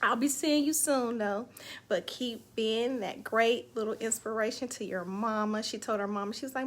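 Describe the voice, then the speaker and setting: This woman's fairly high, fairly bright voice keeps a moderate pace as she hosts a live online show. She speaks casually yet emotionally, sharing her faith and recapping her week in a heartfelt, faith-filled livestream chat.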